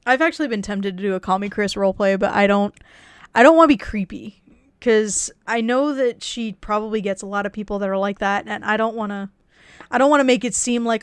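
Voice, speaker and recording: A woman voice actress chatting casually on a livestream, rambling with frequent restarts and soft laughs. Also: mid-range voice, brisk, clean tone, no room sound, studio quality. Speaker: voice actress and streamer.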